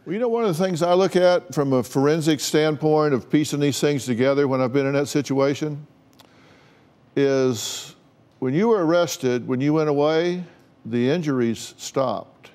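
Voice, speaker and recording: An American man hosts a talk show. His voice sits a little high, and he questions his guest bluntly and directly in a studio interview. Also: moderate pace, a little mellow, smooth.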